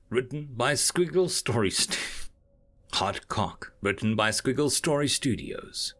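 A man reading a science fiction story aloud with expressive, measured narration. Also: mid-range voice.

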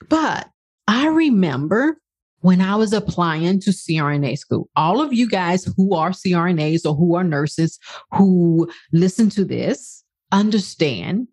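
A woman in her sixties hosting her own podcast as a life coach, speaking bluntly and with passion. Her pitch swings widely and her delivery is unhurried. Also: a little mellow. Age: 60s. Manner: passionate, blunt, swears for emphasis. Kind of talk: podcast monologue.

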